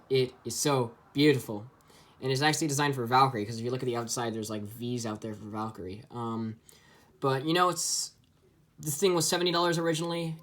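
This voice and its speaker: A man's voice: medium pitch, a bit bright. A man giving a casual, enthusiastic toy review, chatty and full of ums.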